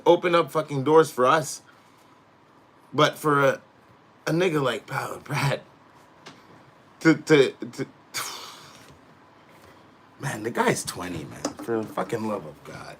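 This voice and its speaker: A middle-aged man hosting a live show, ranting casually and swearing constantly, dropping to mutters and rising to loud outbursts. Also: medium pitch, expressive, takes it slowly, pauses often, husky. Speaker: podcast host, wrestler. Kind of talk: profane casual rant.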